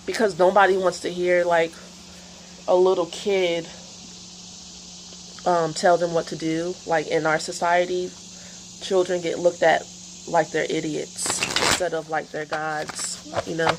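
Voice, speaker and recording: A woman talks loosely and rambles through an astrology and tarot vlog, full of fillers and asides. Her voice sits on the low side with a gravelly, creaky edge. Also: level tone, a little slow, long pauses, slight background noise, poor audio. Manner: rambling, chatty, many fillers. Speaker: tarot reader.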